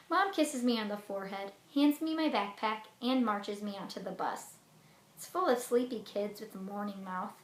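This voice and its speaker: A woman teacher reading a children's book aloud in an expressive way, then explaining class activities. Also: mid-range voice, a little slow. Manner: expressive storybook reading with lively swings. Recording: roomy echo with faint noise.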